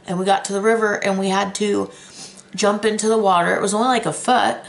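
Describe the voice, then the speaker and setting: A woman's voice: medium pitch, steady tone, brisk, vocal fry. A middle-aged woman telling her own story in a chatty vlog, candid and emotional. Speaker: weight loss vlogger.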